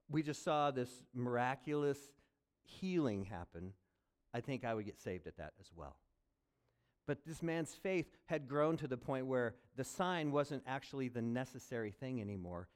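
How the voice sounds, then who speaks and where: Male pastor, expressive sermon delivery with lively pitch swings. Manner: animated preaching, acting out pleading quotes.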